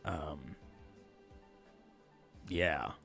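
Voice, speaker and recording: His voice rumbles low and creaky, words drawn out, with faint music in the background. He's a streamer and voice actor in a casual livestream chat, joking around and animatedly reading viewers' comments aloud.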